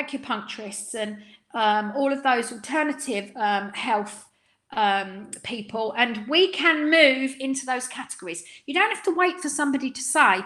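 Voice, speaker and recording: Bright, high-voiced middle-aged London woman. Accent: London, Cockney undertone. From East End of London. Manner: chatty, frequent ums and tag questions. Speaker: salon business coach. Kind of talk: live webinar talk.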